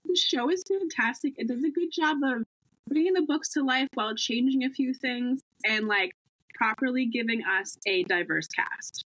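A woman's voice: high voice, normal speed, fairly bright tone, dry recording, poor audio. A young woman vlogger chatting casually and gushing as a fan, full of "like"s. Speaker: vlogger guest. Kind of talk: casual chat.

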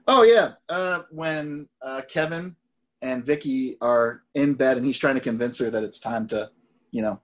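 A man chatting casually on a podcast, with a husky, slightly breathy tone. He tells stories in an animated way, stumbling and restarting his sentences. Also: mid-range voice. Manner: animated, frequent restarts, enjoys crude jokes. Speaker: podcast co-host. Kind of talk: casual podcast chat about a film.

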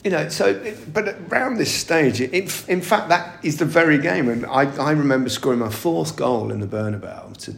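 A man's voice: fairly high pitch, expressive, moderate pace, gravelly, hardly any pauses. A middle-aged man, a former footballer, telling chatty anecdotes in an interview, laughing often and restarting his sentences. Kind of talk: casual interview storytelling. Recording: echoey room.

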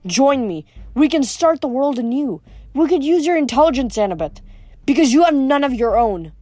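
A woman reading as a smooth, mocking young villain. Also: high-pitched, big pitch swings, moderate pace, warm tone, no echo, pitched above the performer's own voice. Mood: scornful. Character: smooth scheming teenage boy villain. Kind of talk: audiobook reading.

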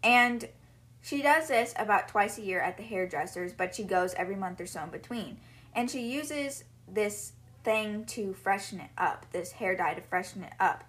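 A woman's voice: medium pitch, normal speed, fairly bright tone. A young woman hosting a podcast, retelling book chapters in a chatty, casual way full of "like" fillers. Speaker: podcast host.

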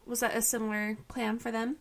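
A woman interviewer asking gentle, encouraging questions. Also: on the high side, level tone, a little fast.

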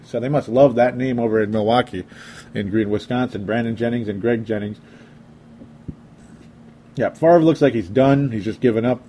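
A man's voice: on the low side, darkish tone, slight background noise. A young man giving casual, sarcastic sports commentary from home. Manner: exasperated, sarcastic.

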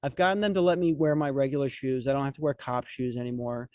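A man's voice: mid-range voice, fairly even intonation, quick pace, darkish tone, smooth, no room sound. A young man hosting a podcast, telling a comic story in a rambling, profane, self-mocking way. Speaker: podcast host. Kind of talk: comedic storytelling chat.

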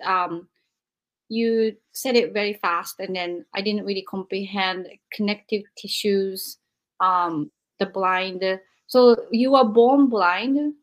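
A woman hosts a podcast interview, asking her questions slowly and politely. She speaks at a middle pitch and often hesitates with fillers as she searches for words.

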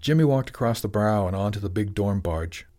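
A man narrating an audiobook chapter in an even, measured storytelling manner. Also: on the low side, soft background music. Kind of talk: scripted narration.

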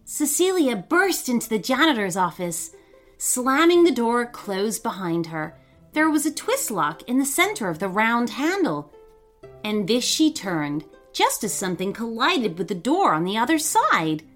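A woman narrating a children's story in an expressive, dramatic way. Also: on the high side, measured pace. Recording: faint background music.

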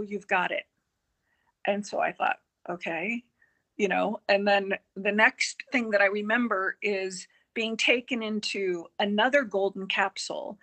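A woman guest on a podcast telling a personal experience, earnest and halting, with many fillers and quoted dialogue. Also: a little high. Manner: earnest, halting, with frequent fillers and self-corrections; quotes herself and others in lively dialogue.

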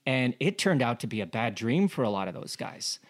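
A man's voice: medium pitch, big pitch swings, brisk. A man co-hosting a casual cycling talk show, analysing a race with lots of rhetorical questions and fillers. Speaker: cycling podcast co-host.

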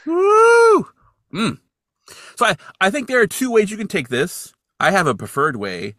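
A jokey man co-host recaps a TV episode, his bright voice swinging widely as he acts out lines in a high mocking tone. The sound is close and dry. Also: a little slow, dry recording. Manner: animated, jokey, swings into high exaggerated quotes. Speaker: podcast co-host. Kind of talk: casual TV recap chat.

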